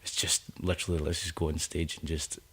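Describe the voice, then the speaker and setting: A man's voice: rumbling low, flat delivery, a little fast, slightly rough. A Scottish man with a Scottish accent, a singer-songwriter guest chatting casually in a rambling, laid-back way. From Scotland. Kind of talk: casual chat.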